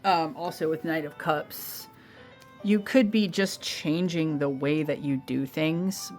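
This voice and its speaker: A woman's voice: low voice, slow pace, darkish tone, faint music behind. A woman giving a casual pick-a-card tarot reading, chatting directly to her viewers and calling them babe. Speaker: tarot reader.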